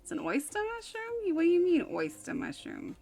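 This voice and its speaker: A woman voicing a nosy, loud East Coast mother with a New Jersey and New York accent, questioning in a brash, incredulous way. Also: very high voice, huge pitch swings, brisk, creaky, faint music behind, voice pushed up, exaggerated voice.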